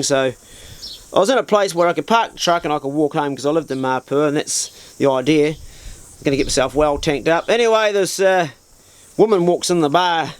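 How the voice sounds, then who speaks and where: Crude, self-mocking male yarn spinner. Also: a little high. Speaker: storyteller. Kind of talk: casual bawdy yarn-telling.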